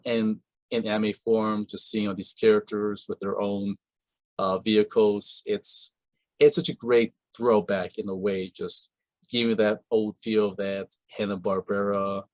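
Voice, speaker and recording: Rambling low-voiced male interviewer. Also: dry recording. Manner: rambling, many fillers and restarts. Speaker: podcast host. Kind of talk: casual interview.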